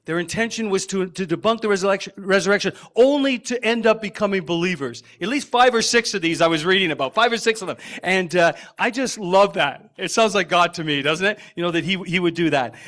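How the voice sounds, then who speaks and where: A man with a fairly high voice preaches to his congregation in a church. He talks emphatically and circles back to repeat his key phrases. He turns to the people in the pews with friendly asides. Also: brisk, few pauses, fairly bright tone. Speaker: pastor. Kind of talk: sermon. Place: church sanctuary.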